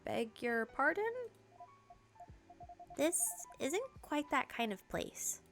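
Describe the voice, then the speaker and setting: A woman voicing a calm, thoughtful barista in gentle, measured tones, reading game dialogue. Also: high-pitched, faint music behind, full character voice. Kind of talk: game dialogue read-through.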